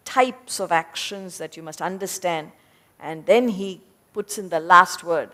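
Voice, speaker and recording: Slow, deliberate woman teaching. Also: mid-range voice, a bit bright. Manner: deliberate, explanatory, breaks ideas into points. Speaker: spiritual teacher. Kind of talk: lecture on scripture. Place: lecture hall before an audience.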